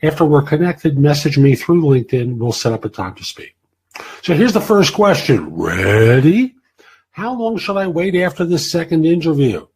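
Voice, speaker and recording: A man's voice: a little high, big pitch swings, moderate pace, a little mellow, breathy edge, poor audio. A man hosting a career advice show, answering listener questions in a blunt, plain-spoken way.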